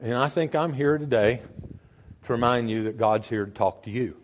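An older man preaching a sermon as pastor, emphatic, with sudden jumps in pitch and volume. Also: moderate pace, slight background noise.

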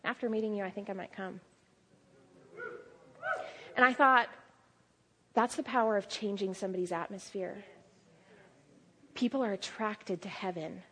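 A young adult woman preaching a sermon, telling stories with lively quoted asides. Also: medium pitch, normal speed, long pauses, breathy edge.

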